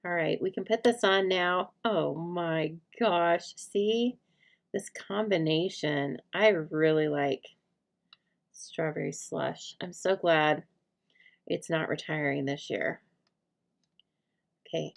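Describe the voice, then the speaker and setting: Speaking slowly with long pauses, a middle-aged woman hosts a crafting livestream in a low, creaky voice. She chats casually and rambles while she works, laughs often, and addresses viewers by name.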